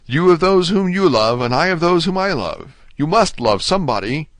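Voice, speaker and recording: A man's voice: a little high, very animated, moderate pace, a bit bright, no echo, voice pushed up. A man doing a desperate young prisoner. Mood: eager. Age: 20s. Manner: urgent, earnest pleading. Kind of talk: audiobook character reading.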